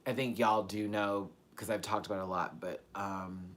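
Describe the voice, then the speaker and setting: A man hosting a casual live-stream Q&A, talking candidly and swearing freely, with loud animated bursts that drop to soft, quiet asides. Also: lowish voice, normal speed. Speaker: YouTube host answering viewer questions.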